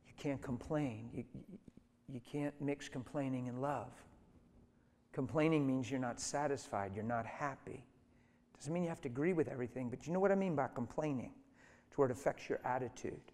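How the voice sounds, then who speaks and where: A man's voice: medium pitch, moderate pace, darkish tone. Emphatic preacher man in an echoey hall. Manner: emphatic, exhorting. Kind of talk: sermon.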